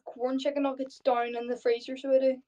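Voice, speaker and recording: A woman's voice: high-pitched, flat delivery, a little fast, dark tone, distant mic. A young Irish woman on a video call, hesitant and rambling, filling her talk with likes. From Ireland. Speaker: video-chat stranger. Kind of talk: casual video-chat conversation. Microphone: heard through a video call. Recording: dull lo-fi video-call audio.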